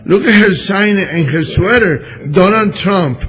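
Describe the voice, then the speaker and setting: A man with a fairly high voice drops in as a guest on a talk radio show. He chats and jokes loosely, often dropping grammar as he goes. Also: expressive, a little slow, a bit bright. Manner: chatty, joking, loose grammar. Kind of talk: casual political talk radio.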